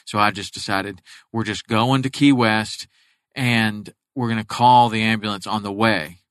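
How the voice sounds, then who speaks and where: A man hosting a casual chat, telling stories in a rambling way with halting restarts. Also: on the low side, steady tone, fairly bright tone, smooth, dry recording.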